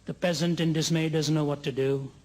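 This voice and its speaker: A man preaching a sermon to a large gathering, telling stories earnestly and slowing down to stress key lines. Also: a little high, steady tone. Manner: earnest storytelling, slows for emphasis, builds to soaring climax. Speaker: evangelist preacher. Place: large conference hall. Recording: long hall reverb.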